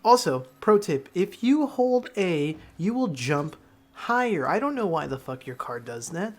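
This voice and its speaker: A man's voice: sits high, big pitch swings, unhurried. A man narrating a game tutorial over gameplay, talking like a mock-serious schoolteacher and swearing freely. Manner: mock-serious teacher bit, swears often. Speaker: gaming tutorial creator.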